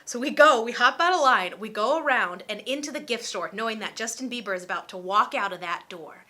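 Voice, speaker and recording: A young woman in her twenties telling a casual storytime vlog, chatty and animated and full of filler words. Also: fairly high pitch, brisk. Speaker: storytime vlogger.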